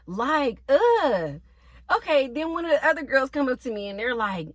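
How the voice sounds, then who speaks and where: Woman, nursing assistant, storytime vlog, blunt, sassy, fairly high voice. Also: very animated, normal speed, a bit bright. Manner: sassy, blunt, swears freely, talks to viewers as y'all.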